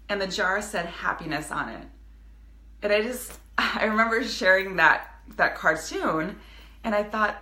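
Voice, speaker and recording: A woman's voice: medium pitch, normal speed, pushed and bright, roomy sound. A woman in her thirties, a business coach speaking earnestly to her viewers in a live video, with many restarts. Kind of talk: casual motivational live video.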